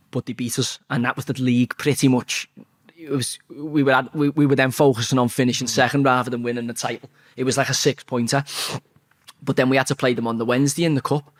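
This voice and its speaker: Bloke telling a sweary footy story, blunt, animated, average pitch. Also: male voice. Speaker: interview guest, former footballer. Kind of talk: casual storytelling interview.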